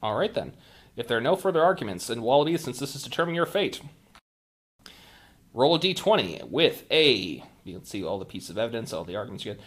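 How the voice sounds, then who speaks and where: A man with a Midwestern accent, narrating and running a tabletop role-playing game in a relaxed, wry way. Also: mid-range voice, quick pace, breathy edge. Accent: Midwestern American. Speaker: game master.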